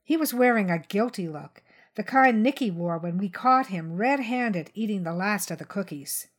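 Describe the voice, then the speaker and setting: A woman reading a crime short story aloud in a measured narration. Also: medium pitch, lively intonation. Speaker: reader.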